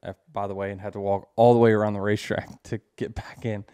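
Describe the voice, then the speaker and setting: A man's voice: lowish voice, little pitch movement, fast, warm tone, clean tone. A man hosting a podcast, talking in a blunt, wry, casual way in a studio. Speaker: podcast host.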